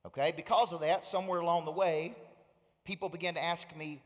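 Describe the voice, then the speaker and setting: A middle-aged man giving an energetic motivational stage speech as a coach, often putting questions to a live audience. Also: a little high, fast talker. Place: large hall before a live audience. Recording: reverberant hall.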